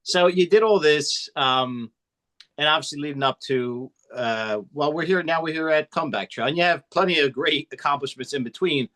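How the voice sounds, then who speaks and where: A man's voice: fairly high pitch, fairly bright tone. A man hosting a casual interview, talking eagerly and often restarting his sentences. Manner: enthusiastic, halting with restarts. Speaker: podcast host.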